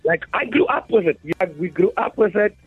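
A man in his forties with a South African English accent, a stand-up comedian calling into a radio show, jokey and quick to laugh. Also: high voice, lively intonation, narrow, tinny audio, soft background music. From Eastern Cape, South Africa. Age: 40s. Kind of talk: casual radio chat. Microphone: phone line.

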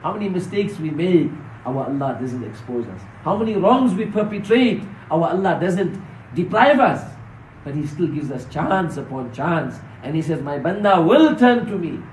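A man with a high voice delivers a Friday sermon, telling stories earnestly and speaking straight to the congregation. He sounds a bit distant from the mic, and his voice rings in a reverberant hall. A faint hiss sits underneath. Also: animated, normal speed. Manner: earnest storytelling, directly addressing the congregation. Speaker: mufti giving the Friday sermon.

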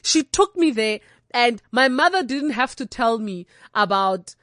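A young South African woman telling candid, comic stories from her own life, animated and unfiltered. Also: on the high side, unhurried, dry recording, studio quality. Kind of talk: comic personal storytelling.

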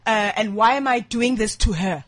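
A woman hosting a casual talk show from a studio, telling a story in an animated way and laughing often. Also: on the high side, normal speed, a little hiss or hum. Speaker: host. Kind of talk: casual radio-show chat.

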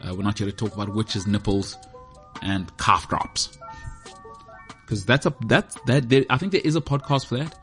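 A man's voice: lowish voice, normal speed, fairly bright tone, soft background music. A man hosting his own podcast, talking in a rambling, self-mocking, joking way as he chats on his own. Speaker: podcast host. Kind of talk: casual solo podcast monologue. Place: indoors, heated room.

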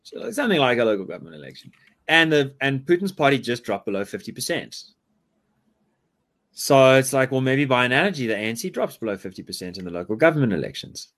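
Animated South African man chatting politics. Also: medium pitch, fast. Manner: rambling, animated, filler-heavy. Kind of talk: casual political chat.

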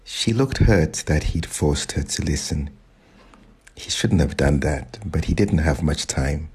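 A man narrating a short story in a calm, measured reading voice. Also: extremely low pitch, breathy edge, low-quality recording. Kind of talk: audiobook narration.

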